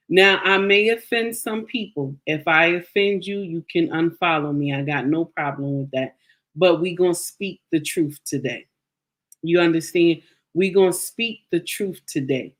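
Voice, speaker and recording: Outspoken woman hosting a live stream. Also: fairly low pitch. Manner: outspoken, greets chat viewers by name. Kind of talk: casual live-stream chat.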